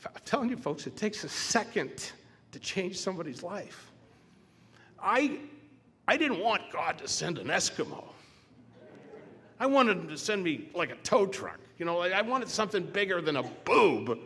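An older man speaking at a recovery meeting, telling his own story in a halting, joking way. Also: high voice, sing-song, bright, forceful tone, breathy edge. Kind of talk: personal recovery testimony. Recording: echoey hall, faint room noise.

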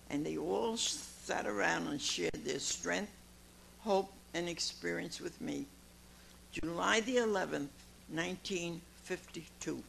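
A woman's voice: fairly low pitch, vocal fry, a bit bright, slight background noise, poor audio. A woman in her nineties giving a folksy personal testimony to a meeting audience, calling listeners honey and laughing often. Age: 90s. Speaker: recovery meeting speaker. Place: meeting room before an audience.

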